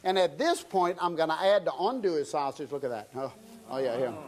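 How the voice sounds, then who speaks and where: The audio is very noisy as a middle-aged chef with a South Louisiana drawl runs a TV cooking demonstration. Chatting warmly with viewers, he talks a little fast in a high-leaning voice full of lively intonation.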